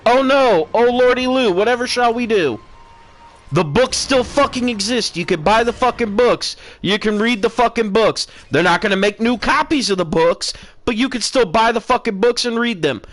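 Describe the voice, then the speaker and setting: A man's voice: sits high, lively intonation, normal speed, a bit bright. A man streaming a profane, sarcastic rant that mocks people with put-on voices. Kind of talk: ranting commentary.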